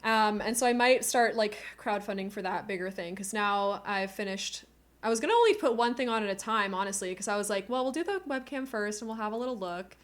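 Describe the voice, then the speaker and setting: A woman's voice: medium pitch, fairly quick. A woman streamer chatting casually to her viewers, gushing and emotional, near tears, laughing often, on a cheap desk microphone at home. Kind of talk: casual live-stream chat.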